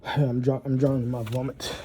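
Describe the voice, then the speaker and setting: A man rambling in a solo monologue, profane and halting, often repeating and restarting words, with low muttering and sighs. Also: level tone, warm tone, slight background noise, poor audio.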